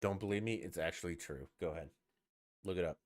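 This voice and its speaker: A man's voice: deep voice, quick pace, no room sound, studio quality. A man hosting a live-streamed podcast, ranting in a profane, sarcastic and exasperated way. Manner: scoffing, exasperated. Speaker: podcast host.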